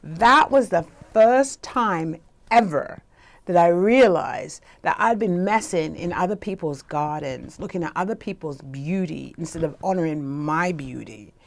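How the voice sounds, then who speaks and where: A woman with a somewhat low voice tells a personal story as a life coach. She speaks conversationally and keeps checking in with the listener by asking "right?". She acts out the voices of the people in her story. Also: unhurried, gravelly, a little mellow.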